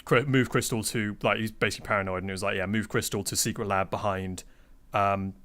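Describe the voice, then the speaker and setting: A man's voice: fairly low pitch, steady tone, fast talker, fairly bright tone. A man on a podcast as a guest, telling game-master anecdotes in casual chat, acting out quotes and swearing freely.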